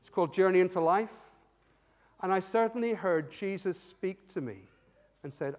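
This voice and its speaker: A man preaching a sermon in church, animated storytelling that swings from loud to hushed. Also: sits high, normal speed. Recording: long hall reverb.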